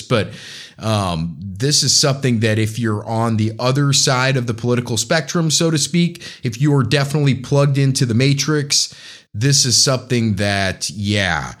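An American podcast host with a mid-range, fairly bright voice rambles through a casual political monologue. He addresses his listeners directly and frequently corrects himself.

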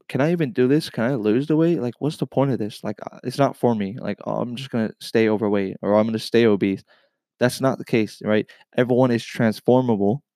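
A man's voice: medium pitch, mellow, dry recording. A man giving an earnest, encouraging talk about losing weight, speaking straight to his viewers and repeating his points. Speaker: weight loss vlogger. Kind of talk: motivational talk to camera.

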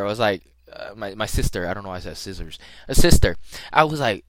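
A young man tells a story alone into a close mic for his podcast. His talk is loose and slangy, full of restarts, and his pitch swoops up and down a lot. The sound is dry, with no room around it. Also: expressive, normal speed, fairly bright tone, dry recording. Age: young adult. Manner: rambling, slangy, with frequent restarts and laughs. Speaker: podcast host. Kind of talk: casual solo storytelling.

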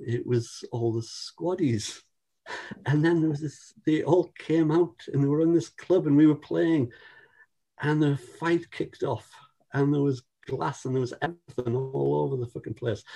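A man's voice: fairly high pitch, moderate pace, gravelly, dark tone, husky. A man in his sixties, a musician being interviewed, telling rambling stories full of restarts in casual chat, with the odd swear word.

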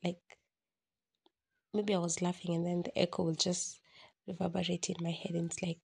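Gravelly low-voiced woman podcaster. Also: flat delivery, moderate pace, long pauses, darkish tone. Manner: candid, rambling, self-mocking with laughs. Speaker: podcast host. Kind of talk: confessional solo podcast, journal-like.

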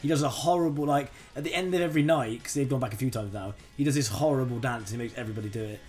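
A man in casual comedic chat, rambling and slipping into mock voices between fast asides. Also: mid-range voice, darkish tone. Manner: rambling, riffs into mock voices with swearing and laughter.

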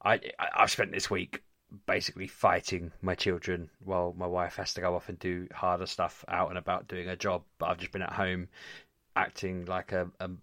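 Tired male co-host, very deep, wry, dry close mic. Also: completely flat delivery, moderate pace, creaky, bright, forceful tone, dry recording. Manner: wry, self-deprecating, weary. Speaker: podcast co-host. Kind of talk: casual gaming podcast chat.

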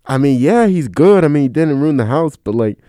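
A man's voice: a little high, fairly quick, dry recording, clean studio sound. A young man co-hosting a podcast, telling funny stories casually and laughing often. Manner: laughs a lot, animated storytelling with voices. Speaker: podcast co-host. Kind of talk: casual chat.

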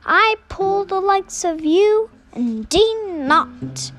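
A snooty storybook passenger engine, as a woman puts him on, high and disdainful. He talks slowly and looks down on everyone. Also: expressive, a little hiss or hum. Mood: haughty. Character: haughty proud male passenger engine.

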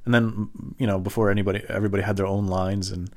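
A man telling rambling comic stories in a deadpan way, jumping into high squeaky voices when he quotes other people. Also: rapid-fire. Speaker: comedian. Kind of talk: rambling storytelling monologue.

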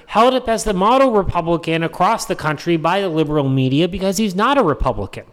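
Man ranting on his show, sarcastic, lots of repeating, voice jumps all over, kinda high. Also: lively intonation, fast talker, few pauses. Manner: sarcastic, mocking voices in quotes; emphatic repetition. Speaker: political commentary host. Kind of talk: opinion monologue.

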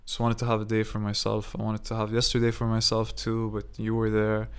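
A man's voice: lowish voice, monotone, a little fast, clear, resonant tone. A young man hosting his own podcast, telling a long personal story in a rambling, profane way, full of "like" and "you know". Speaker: podcast host. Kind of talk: casual monologue.

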